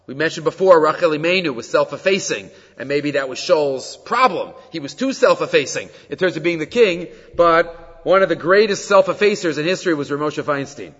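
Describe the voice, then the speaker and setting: A man teaching a Torah class on the weekly portion, telling stories with animated energy and mixing Hebrew quotes into English explanation. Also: a little high, fairly quick. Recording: dull recording with long hall reverb.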